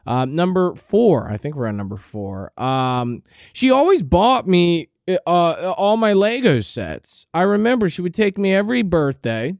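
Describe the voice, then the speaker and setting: Male comic host, rambling profane storyteller, deadpan, pitched a bit high, dry booth sound. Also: measured pace, gravelly, dry recording. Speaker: podcast host. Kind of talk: comedic storytelling monologue.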